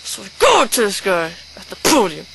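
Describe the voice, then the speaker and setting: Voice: mid-range voice, wildly swooping pitch, a little fast, vocal fry, a bit bright, a little hiss or hum, exaggerated voice, low-quality recording. A performer playing a rude, hot-tempered man shopper who rants, swears and threatens in an amateur sketch. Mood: ranting.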